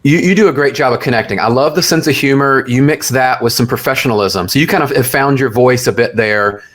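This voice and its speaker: A male podcast host talks with a middle-pitched voice. He asks curious, open questions in casual chat and keeps affirming his guest. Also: fairly quick, fairly bright tone. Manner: curious, affirming, many "yeah"s. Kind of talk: casual interview conversation.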